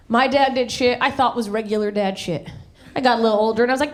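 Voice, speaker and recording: A woman from the American South doing a live stand-up comedy set on a handheld stage mic, brash, swinging her voice high and low for punchlines. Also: fast. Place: live comedy venue with audience. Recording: live show with crowd laughter. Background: audience laughter.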